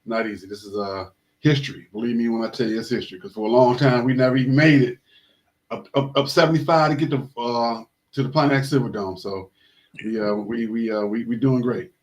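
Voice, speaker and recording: A man hosting a casual sports talk show, giving rambling shout-outs and leading the discussion with frequent restarts. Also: mid-range voice, steady tone, fairly quick, muffled recording. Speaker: host.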